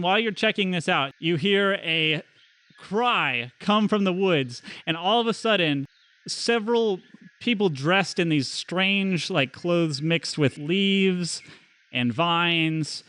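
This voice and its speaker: A young man narrating a tabletop game as game master, relaxed and rambling. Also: a little high, smooth, dry recording. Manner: relaxed, rambling, many fillers and restarts.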